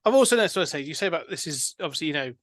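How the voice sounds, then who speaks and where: A man with a fairly high voice talks through a film on a podcast. He rambles and circles back, full of ums and restarts. The sound is close and dry, with no room in it. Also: lively intonation, rapid-fire, a bit bright, no room sound. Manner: rambling, hesitant, many fillers and restarts. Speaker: podcast co-host. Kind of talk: casual film discussion.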